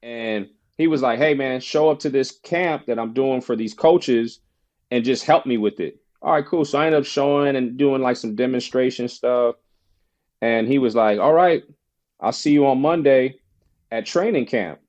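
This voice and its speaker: Male podcast guest, animated storyteller doing other people's voices, mid pitch, somewhat lo-fi. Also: normal speed. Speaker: podcast guest, former basketball player. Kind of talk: casual storytelling interview.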